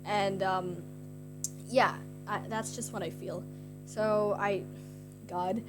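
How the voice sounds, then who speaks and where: A woman's voice: mid-range voice, fairly even intonation, slow. A young woman streamer casually telling a story to her chat, rambling with lots of "like" fillers, giggly and self-conscious. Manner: rambling, heavy use of "like" fillers. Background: guitar music.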